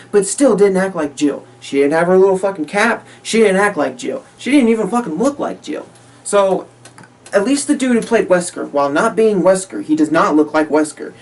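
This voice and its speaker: A man giving a casual spoken movie review, ranting in exasperation, repeating himself, swearing often and laughing between points. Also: on the high side. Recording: voice a little far from the mic.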